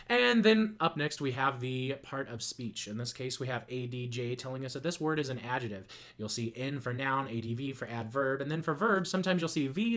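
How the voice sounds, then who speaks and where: A man's voice: medium pitch, a bit bright. Playful man teaching a lesson. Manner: playful, joking asides. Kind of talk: scripted lesson narration.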